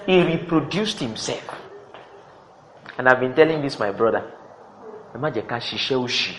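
Animated preacher man. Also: mid-range voice, moderate pace, a little hiss or hum, poor audio. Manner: animated, swings from loud exclamations to quiet asides, mixes Yoruba phrases. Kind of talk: sermon.

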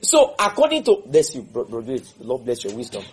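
A man's voice: medium pitch, huge pitch swings, fairly quick, darkish tone, husky. A man leading a Bible study, repeating verses and quizzing his listeners. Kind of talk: interactive Bible teaching.

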